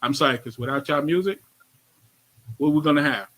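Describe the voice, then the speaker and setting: A man's voice: on the high side, fairly quick, fairly bright tone, poor audio. A man with a New York accent hosting a radio interview, chatting casually in slang and repeating his phrases. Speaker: radio show host.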